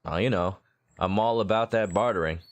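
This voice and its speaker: A man's voice: fairly low pitch, a little fast, slight background noise. A male game streamer reading game text aloud and joking, slipping into a mock southern drawl.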